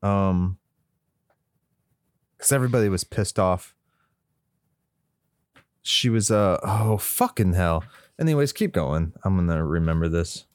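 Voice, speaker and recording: A man co-hosting a casual talk about a movie, relaxed and swearing often. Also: sits low, a little slow, long pauses, smooth, no echo. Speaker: podcast co-host.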